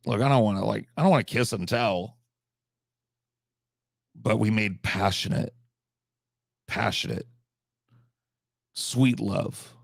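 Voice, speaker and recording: A man's voice: on the low side, slow pace, vocal fry, pauses often, no room sound, studio quality. A man telling a rambling comic story in a casual, profane, conversational way. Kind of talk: comedic storytelling.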